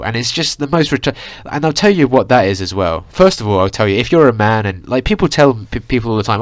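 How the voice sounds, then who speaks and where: A young man vents in a heated, swearing vlog rant, stuffed with "like" and "you know". His voice sits low for a man. The sound is dry and close, with no room echo. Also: big pitch swings, quick pace, few pauses. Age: young adult. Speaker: vlogger. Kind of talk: ranting vlog monologue.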